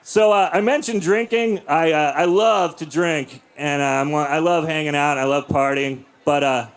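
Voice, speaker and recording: Forties male stand-up, deadpan and crude, live club set, mid-high voice, does silly voices. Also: moderate pace, clear, resonant tone. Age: 40s. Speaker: stand-up comedian. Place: comedy club with a live audience.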